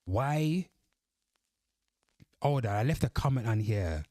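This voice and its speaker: A man's voice: medium pitch, expressive, takes it slowly, dark tone, dry recording, clean studio sound. A man giving blunt, profane reaction commentary as a host, reading his own comments aloud.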